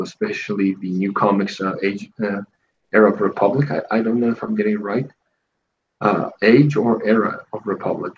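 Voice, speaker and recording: Low-voiced man on a dull, noisy mic. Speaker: podcast host. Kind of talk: casual chat. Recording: dull lo-fi mic with faint noise.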